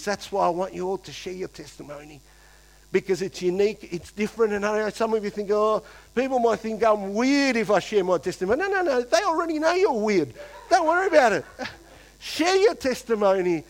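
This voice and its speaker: A pastor preaching a lively sermon to his church, acting out quoted voices and swinging between loud and hushed. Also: sits high, low-quality recording.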